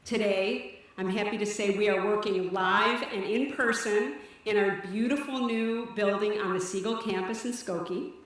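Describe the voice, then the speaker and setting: A woman directing a teen services program, giving an earnest, measured speech at a benefit event on stage. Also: mid-range voice, fairly even intonation. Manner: earnest, measured, slightly breathless delivery. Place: event stage in a large hall. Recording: echoey hall from far off.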